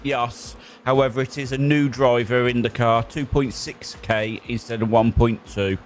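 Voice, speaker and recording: A young man spotting for a sim racer, calling traffic briskly between jokes. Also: mid-range voice, fairly even intonation. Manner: brisk, jokey, calls traffic in short bursts. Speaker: race spotter. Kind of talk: live radio spotting during a sim race.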